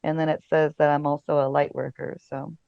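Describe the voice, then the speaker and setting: A chatty woman guest tells stories in a loose, easygoing way, full of fillers and quick laughs. Her voice sits at a middle pitch. The sound is dry and a little dull, as on a modest podcast setup. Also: level tone, gravelly, no room sound. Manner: chatty storyteller, many fillers, laughs often. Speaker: casting director and podcast guest. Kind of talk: casual interview chat.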